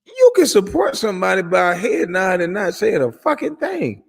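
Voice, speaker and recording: A man's voice: high-pitched, very animated, moderate pace, vocal fry, husky, big-room sound. A man giving heated reaction commentary, profane and mocking as he rants at someone. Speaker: host reacting to a clip.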